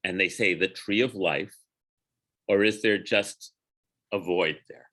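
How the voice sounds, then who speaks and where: Unhurried man teaching a Torah class. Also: sits low, bright, forceful tone. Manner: unhurried, digressive, pauses to chant Hebrew phrases and correct himself. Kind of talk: informal Torah study class.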